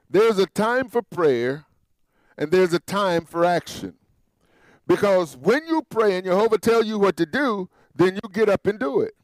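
High-voiced man teaching scripture. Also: lively intonation, moderate pace, no room sound. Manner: conversational, explains and repeats phrases. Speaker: Bible teacher. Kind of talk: verse-by-verse Bible teaching.

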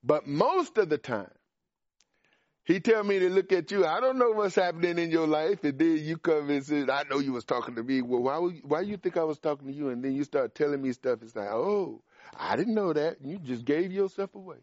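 A man preaching a sermon in an emphatic, animated way, pushing up in pitch and volume on key points. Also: fairly quick, no echo. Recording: dry, dull lo-fi sound.

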